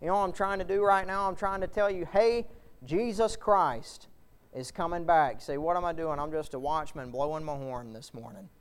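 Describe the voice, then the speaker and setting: A male preacher delivering a fervent sermon, building to loud shouts at the peaks. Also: on the high side, fairly even intonation, quick pace, few pauses, smooth.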